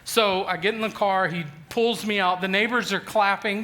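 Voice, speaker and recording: A man in his forties preaching a sermon, telling a funny personal story with lively self-deprecating humor and frequent restarts. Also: high voice, normal speed. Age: 40s. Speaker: pastor.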